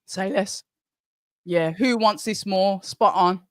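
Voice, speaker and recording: A man's voice: high-pitched, no echo, studio quality. A man hosting a live watch-along and calling a boxing match round by round, chatting with viewers between rounds. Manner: excitable, calls punches quickly, chats with the viewers. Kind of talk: live fight commentary and chat.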